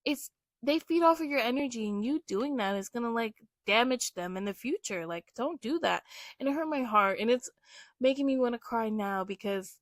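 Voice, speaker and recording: A young adult woman casually telling stories in an animated, emphatic way, with lots of "like". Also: on the high side, moderate pace, no echo, clean studio sound. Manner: animated, emphatic, heavy use of "like". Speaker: vlogger. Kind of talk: casual storytelling.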